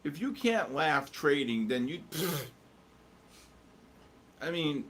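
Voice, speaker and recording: A man's voice: a little high, expressive, very slow, a bit bright, a little hiss or hum. Rambling, jokey male livestream host. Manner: rambling, jokey, answers chat while watching charts. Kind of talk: casual live market commentary.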